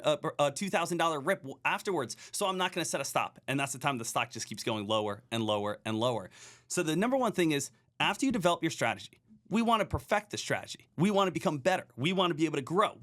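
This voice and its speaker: A man's voice: a little high, fairly bright tone. A man who trades stocks, talking energetically in a podcast interview and repeating points like a coach.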